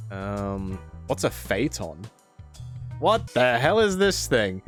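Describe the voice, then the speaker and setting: A man with an Australian accent chatting casually on a live game stream, rambling and answering chat as he plays. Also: medium pitch.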